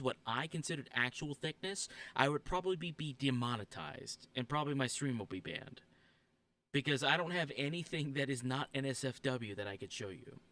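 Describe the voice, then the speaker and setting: A man's voice: mid-range voice, pushed and bright, no room sound. A man streaming a game and ranting, heated, profane and emphatic.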